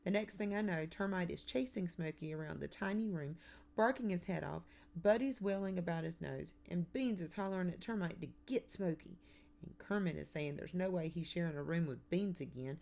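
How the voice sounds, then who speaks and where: A woman reading a first-person children's novel aloud in a measured, plain storytelling manner. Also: lowish voice, creaky, darkish tone. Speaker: audiobook narrator. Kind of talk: first-person audiobook narration.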